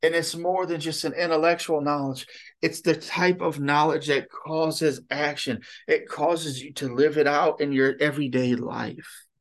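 A man's voice: fairly high pitch, fairly even intonation, measured pace. Rambling conversational male preacher. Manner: conversational and rambling, frequent "you know" and "okay?". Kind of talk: sermon.

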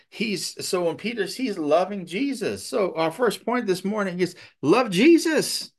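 A man's voice: high voice, fairly bright tone. A man preaching a conversational sermon, often checking in with his listeners and restarting his sentences. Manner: conversational, repeats "okay?", many restarts.

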